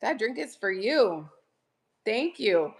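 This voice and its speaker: A middle-aged woman hosting a chatty live selling stream, bubbly and greeting viewers by name with excited gasps. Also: fairly high pitch, slow pace.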